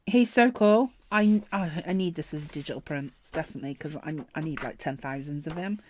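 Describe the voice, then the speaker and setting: A woman chatting casually through a planner sticker unboxing, gushing and excitable, often trailing off mid-sentence. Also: low-pitched, a little fast, slight background noise. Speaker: planner vlogger.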